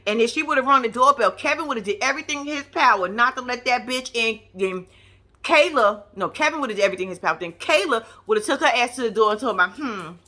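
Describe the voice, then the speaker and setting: A woman giving brash, profane, animated commentary on a reality show. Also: fairly high pitch, fast. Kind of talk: casual reaction commentary.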